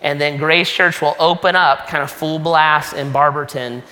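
A male pastor speaking to his church in an easygoing, joking way. His voice is bright and sits a little high. It carries a long reverb from a large church hall. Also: fairly even intonation, moderate pace. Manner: casual, joking, conversational preaching. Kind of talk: sermon announcements. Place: church sanctuary.

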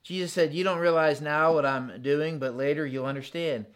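A pastor preaching a sermon, in an animated, conversational style built on contrasts. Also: male voice, a little high, normal speed, smooth.

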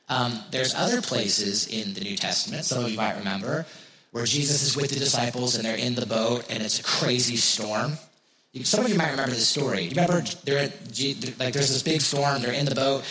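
A pastor preaches to his congregation in a casual, talkative way, posing rhetorical questions and repeating key phrases for emphasis. His medium-pitched voice is brisk, bright, and forceful, with roomy echo and a little hiss or hum.

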